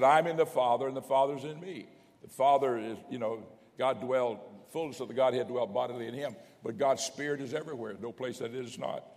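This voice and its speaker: Older man, bishop, teaching sermon, folksy, mid-pitched voice, long reverberant hall. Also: gravelly, a little mellow. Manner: folksy teaching, reads scripture with rising emphasis. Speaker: bishop preaching.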